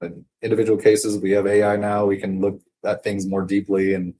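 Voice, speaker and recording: A man's voice: on the low side, completely flat delivery, brisk, mellow, slight background noise. A man telling a story casually to the camera, rambling off topic and swearing freely. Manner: rambling and digressive, profane, with frequent fillers. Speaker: vlogger.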